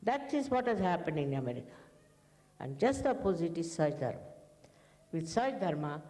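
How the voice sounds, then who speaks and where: A woman's voice: lowish voice, sing-song, fairly quick, warm tone. A woman spiritual teacher giving a rambling, anecdotal talk to her followers, acting out bits of dialogue. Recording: long echo of a large hall.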